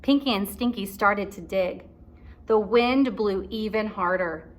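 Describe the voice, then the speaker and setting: A woman teacher reading a chapter book aloud to kindergarten children, pausing to ask encouraging questions. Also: mid-range voice. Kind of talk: read-aloud for young children.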